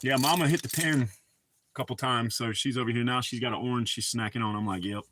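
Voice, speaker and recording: A man's voice: medium pitch, steady tone, fast talker, a bit bright, dry recording. A man with a Southern US accent, talking in a loose, casual chat with frequent swearing and laughs, a dip in his mouth. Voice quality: drawl, mouth full of dip. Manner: laid-back, swearing, laughs often. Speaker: streamer.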